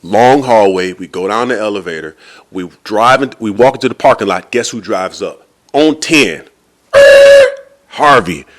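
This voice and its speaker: A man's voice: fairly low pitch, normal speed. Laid-back man telling a story. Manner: casual, animated, laid-back slang. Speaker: podcast host.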